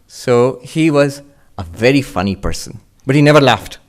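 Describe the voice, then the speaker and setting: A man's voice: mid-range voice, animated, normal speed. A monk giving a spiritual lecture to an audience, explaining step by step, asking rhetorical questions and voicing his listeners' doubts, with the odd chuckle. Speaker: monk and Vedanta teacher.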